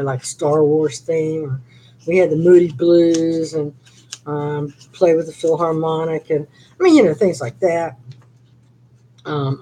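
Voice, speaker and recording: A woman's voice: deep voice, dark tone, a little hiss or hum, low-quality recording. An older woman hosting a casual live-stream chat, rambling through stories with lots of fillers. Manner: rambling, chatty storytelling with many fillers. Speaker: channel host on a live chat.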